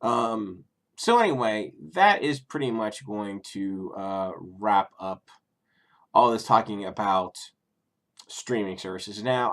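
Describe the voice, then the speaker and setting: A middle-aged man from the Cincinnati area giving a rambling, profane casual review on his vlog, full of ums and self-corrections. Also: lowish voice. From Cincinnati area, USA. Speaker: YouTuber reviewing streaming services.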